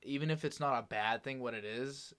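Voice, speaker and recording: Young male podcast host, mid pitch, quick mumbling rambler, casual chat. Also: a bit bright, smooth.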